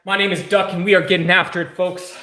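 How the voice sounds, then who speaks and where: A man's voice: sits high, flat delivery, quick pace, bright, forceful tone, echoey room. A man streaming a casual live workout, mixing hyped, joking, profane chatter with soothing exercise cues. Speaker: fitness streamer.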